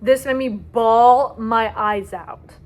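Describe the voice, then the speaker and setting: Young woman book vlogger, dramatic and gushing, a touch high-voiced. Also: fairly even intonation, takes it slowly, darkish tone. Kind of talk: casual book review vlog.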